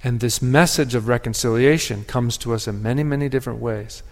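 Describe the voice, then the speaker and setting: A man giving a sermon as pastor, speaking in a reflective, measured way with pauses and restarts. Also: mid-range voice. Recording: long hall reverb.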